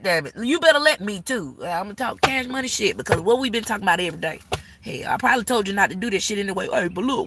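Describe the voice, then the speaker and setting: A woman's voice: medium pitch, expressive, fast talker, fairly bright tone, slight background noise. A woman giving a live-stream tarot reading, sassy and blunt, cursing freely and scolding the viewer like an auntie. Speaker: tarot reader.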